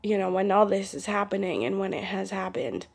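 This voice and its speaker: A woman's voice: medium pitch, a little fast, vocal fry, slightly rough. A young adult woman talking to camera in a casual, rambling vlog, chatty and giggly as she drifts between topics. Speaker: vlogger.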